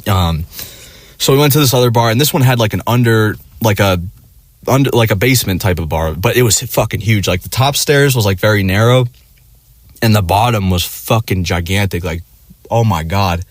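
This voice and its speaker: Guy with a lowish voice, dry close sound, rambling swear-y story, laughs a lot. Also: normal speed, dry recording. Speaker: vlogger. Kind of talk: casual storytelling.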